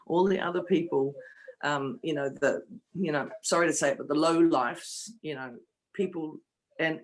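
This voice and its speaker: A woman's voice: sits low, low-quality recording. A woman in her fifties, an interview guest speaking candidly and emotionally about her own experience. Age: 50s. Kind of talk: personal storytelling in an interview.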